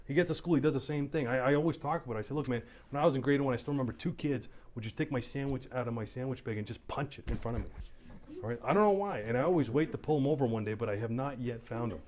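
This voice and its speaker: A man's voice: medium pitch, rapid-fire. A middle-aged man from Canada, a police officer, telling stories animatedly to a town hall audience. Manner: animated storytelling, acting out voices. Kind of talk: community town hall talk. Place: community hall.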